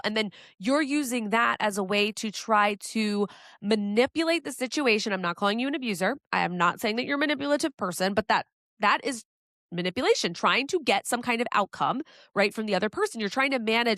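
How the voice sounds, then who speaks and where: A woman's voice: on the high side, animated, a little fast, a bit bright, dry recording, studio quality. A woman hosting a solo relationship advice podcast, talking candidly and conversationally, with the odd casual swear. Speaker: podcast host.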